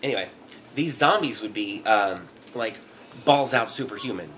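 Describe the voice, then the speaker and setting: A man's voice: lowish voice, animated, normal speed, a bit bright, slight background noise. A man giving a profane, rambling comedic rant, often breaking into laughter. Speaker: vlogger.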